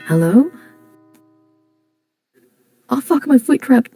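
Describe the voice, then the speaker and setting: A woman's voice: sits high, sing-song, slow pace, creaky, dark tone, soft background music, low-quality recording. A young woman streaming and chatting casually over voice chat, blurting things out and swearing.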